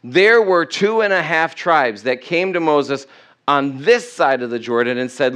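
A man's voice: a little high, lively intonation, unhurried, a bit bright, smooth. Man preaching in a conversational way. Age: middle-aged. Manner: conversational preaching, asks the congregation questions; reads scripture aloud with self-corrections. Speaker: pastor. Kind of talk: sermon. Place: church.

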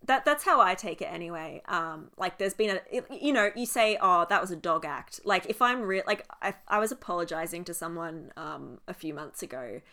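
A woman's voice: lowish voice, lively intonation, fairly quick, hardly any pauses, pushed and bright. An Australian woman co-hosting a podcast, chatting casually and animatedly, swearing freely and laughing often. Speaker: podcast co-host.

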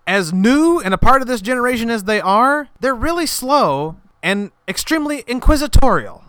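A man's voice: very high-pitched, lively intonation, moderate pace, hardly any pauses, a bit bright, a little hiss or hum. A man hosting a comedy podcast, ranting in an exasperated way about everyday annoyances. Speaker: podcast host. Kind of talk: comedic monologue.

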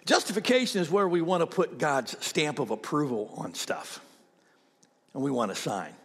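High-voiced preacher in an echoing hall. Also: male voice, normal speed, slightly rough. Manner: animated preaching, rising and falling, with asides to the congregation. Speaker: pastor. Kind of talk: sermon.

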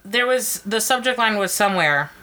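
A woman's voice: medium pitch, lively intonation, normal speed, sharp tone, slight background noise. A woman co-hosting a podcast in casual, giggly, self-deprecating chat. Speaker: podcast co-host.

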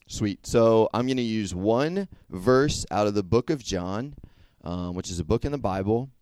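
A young youth speaker gives a casual sermon to a group, keeping it conversational and often checking in with questions. His voice is fairly low, animated, a little slow and a little mellow, with no room sound.

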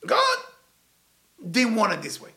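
Guy teaching torah, swoops up and down a lot, high voice, hammers his points with questions. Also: wildly swooping pitch, takes it slowly, pushed and bright. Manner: emphatic, repeats points with rhetorical questions. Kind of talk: animated Torah lesson.

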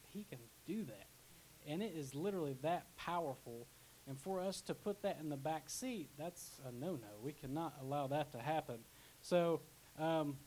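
A man's voice: fairly high pitch, darkish tone, rough recording. A young man preaching a casual sermon as pastor, chatty, with asides and restarts. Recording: faint hiss.

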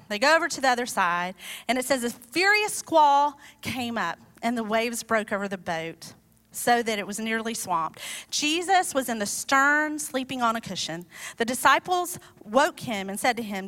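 A woman preaching a sermon in a conversational, animated storytelling way, with chatty asides. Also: a little high, moderate pace. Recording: long hall reverb.

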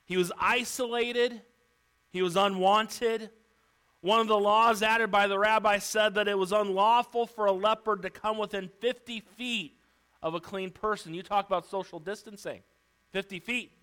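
A man's voice: high-pitched, steady tone, moderate pace, sharp tone, clean tone. A man preaching a sermon, retelling a story vividly and theatrically.

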